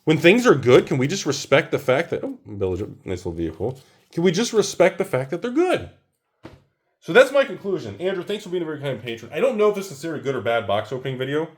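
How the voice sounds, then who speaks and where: A man's voice: a little high, sing-song, quick pace, husky. A man hosting a card-opening video, ranting casually and exclaiming over each card he pulls. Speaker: host opening card packs.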